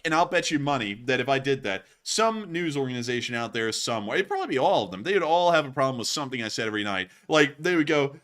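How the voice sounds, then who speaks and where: Lively, laughing livestream host. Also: male voice, medium pitch, fast talker, few pauses. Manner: laughs often, jokey and rambling. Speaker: news stream host. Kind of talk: casual livestream chat.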